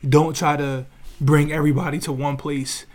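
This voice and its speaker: A man on a casual podcast speaking in relaxed slang, full of restarts and "you feel me" asides. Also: a little high, moderate pace. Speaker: podcast co-host.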